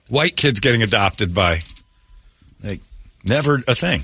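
A man's voice: medium pitch, animated, bright, forceful tone, husky, dry recording, clean studio sound. A man co-hosting a morning radio show, joking and riffing in casual banter. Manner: joking, riffing, quick asides.

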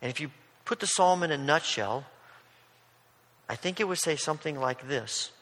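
A man's voice: a little high, lively intonation, moderate pace, a bit bright, in a large hall. A man preaching a sermon, retelling a scripture story in a casual storytelling way. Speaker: pastor.

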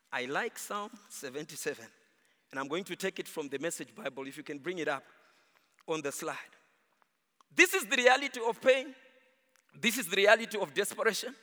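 A man's voice: sits high, moderate pace, pauses often. A man preaching a sermon in a church, rising and falling, at times half-singing his emphasis. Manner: animated, rises and falls, half-sung emphasis. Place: church hall. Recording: long reverb of a large hall.

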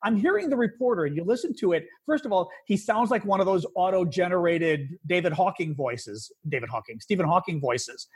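A man's voice: brisk, hardly any pauses, breathy edge. A man hosting a podcast, chatting casually about politics and getting worked up when indignant. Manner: animated, rising pitch when indignant. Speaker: podcast host.

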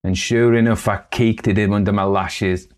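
A man voicing an eager, foolish young country girl who speaks in Northern English dialect and tells her tale excitedly. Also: on the low side, moderate pace, close to an everyday voice.

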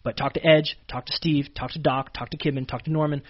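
A husky-voiced man from Canada tells his stories quickly and keeps restarting his sentences as he goes. The sound is dull and lo-fi. He is a wrestler guest in a relaxed sit-down interview. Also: a little high. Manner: animated storyteller, many fillers and restarts. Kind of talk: casual interview storytelling.

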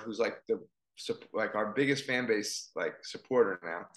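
A man's voice: medium pitch, reverberant, rough recording. A man, a football coach, telling a story in casual conversation and acting out the dialogue. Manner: animated storyteller, acts out dialogue.

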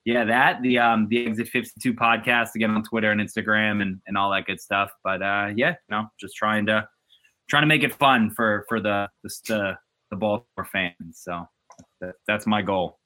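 A man guesting on a sports podcast, chatting casually. His voice is bright and forceful. He tells stories animatedly, with frequent restarts and fillers. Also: fairly low pitch, steady tone, moderate pace.

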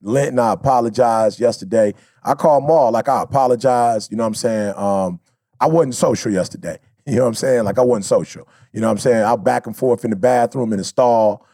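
A man's voice: mid-range voice, fairly quick, dark tone, no room sound, clean studio sound. A man co-hosting a podcast, talking in a casual, heartfelt way. He is emphatic and slangy and repeats his points. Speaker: podcast co-host.

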